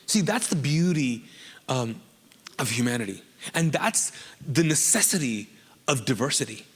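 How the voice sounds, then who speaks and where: A man's voice: mid-range voice, sing-song, unhurried, pauses often, slightly rough, long reverb tail. A man from Kuwait, a pastor preaching a sermon in a casual, joking style that often asks the congregation questions.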